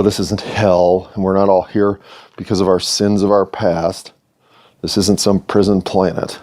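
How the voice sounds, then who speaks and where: A man from the United States muses alone on his podcast in a rambling, philosophical, self-deprecating way. His voice is lowish and mellow.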